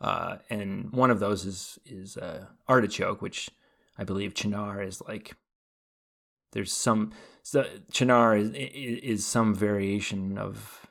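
A man's voice: lowish voice, slow pace, vocal fry, fairly bright tone. A man co-hosting a podcast, talking casually and rambling with many fillers and restarts. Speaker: podcast co-host. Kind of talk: casual chat.

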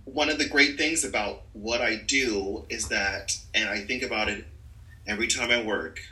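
A man, an actor, talking about his career as a guest in a relaxed podcast conversation, laughing often as he tells stories. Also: lowish voice, normal speed, rough recording. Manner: laughs often, animated storytelling. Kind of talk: casual conversation.

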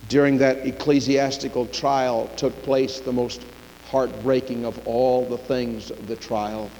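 A man preaching a sermon, retelling the story dramatically, dropping low and quiet, then rising loud. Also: slight background noise. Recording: long reverb of a large hall.

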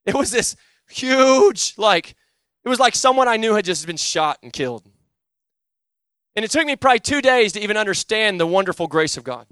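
A young man preaching a sermon and telling his own conversion story, swinging between loud urgent pleading and low, quiet intensity. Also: big pitch swings, normal speed, clear, resonant tone, no echo, studio quality. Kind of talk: sermon with personal testimony.

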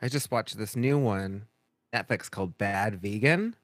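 A man's voice: lowish voice, measured pace, no echo. A man co-hosting a casual podcast chat, telling stories and acting out other people's lines as he goes. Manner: animated storyteller, acts out quoted voices. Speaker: podcast co-host.

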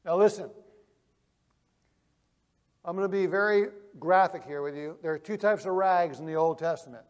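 A male preacher telling vivid illustrations, swinging from loud emphasis to hushed quiet. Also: sits high, in a large hall. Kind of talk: sermon.

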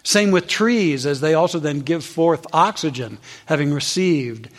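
A man preaching a sermon, telling a story and acting out the people in it with lively voices. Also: a little slow, in a large hall. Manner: storytelling with high animated voices for quoted characters. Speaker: minister.

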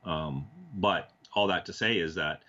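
Low-voiced man telling animated stories. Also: unhurried, lo-fi sound. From Canada. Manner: animated, acts out quoted dialogue, frequent restarts. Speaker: TV producer, interview guest. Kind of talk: casual storytelling in a talk-show interview.

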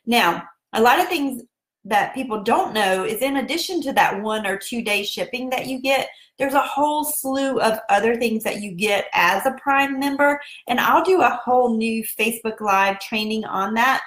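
Woman, Southern accent, casual live-stream talk, higher voice, roomy echo. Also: fairly bright tone. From South Carolina. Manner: chatty, addresses viewers directly. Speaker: online business coach.

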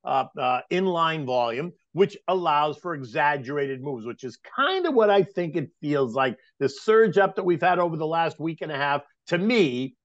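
A man's voice: fairly high pitch, lively intonation, normal speed, few pauses, no echo. Male market guest on a dull line. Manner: conversational, hesitant restarts. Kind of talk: casual market talk.

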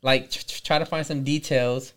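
A man's voice: mid-range voice, fairly even intonation, normal speed, a bit bright. A man hosting a podcast, chatting loosely and joking with plenty of swearing. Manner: loose, profane, joking banter. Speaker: podcast host. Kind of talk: casual podcast chat.

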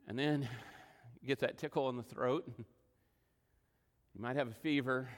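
A man preaching a sermon as pastor, emotional, swinging between loud emphasis and quiet asides. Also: sits high, in a large hall. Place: church sanctuary.

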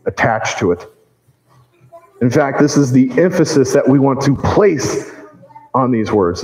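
A male pastor delivering a sermon in a church, earnest and measured, with slow emphatic phrases. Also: mid-range voice, darkish tone, roomy sound, big-room sound, low-quality recording.

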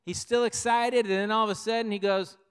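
High-voiced older male preacher. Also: steady tone, brisk, clean tone, long reverb tail. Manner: conversational preaching with personal stories. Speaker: pastor. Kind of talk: sermon.

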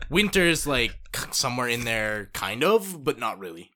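A man co-hosting a casual comedy chat, chiming in with dry, deadpan remarks. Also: medium pitch. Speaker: podcast co-host.

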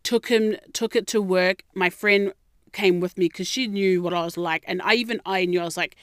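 Smooth-voiced, foul-mouthed sassy woman. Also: medium pitch, fairly even intonation, moderate pace, a bit bright, dry recording, studio quality. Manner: blunt, heavily profane, sassy. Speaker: vlogger telling a personal story. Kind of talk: candid storytelling monologue.

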